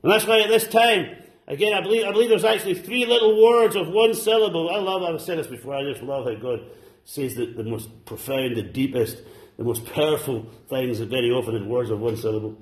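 A man preaching a sermon to a congregation, fervent and exclaiming, dropping at times to soft, low asides. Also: fairly quick, reverberant. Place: church service.

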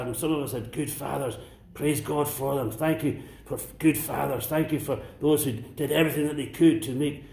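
A man preaching a sermon to a congregation, swinging between impassioned near-shouts and hushed whispers. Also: mid-range voice, creaky, reverberant, slight background noise. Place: church.

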